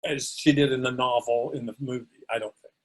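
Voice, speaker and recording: A man's voice: medium pitch, steady tone, fairly quick. A man co-hosting a podcast, giving thoughtful, meandering opinions on a film. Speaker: podcast co-host. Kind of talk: casual film discussion.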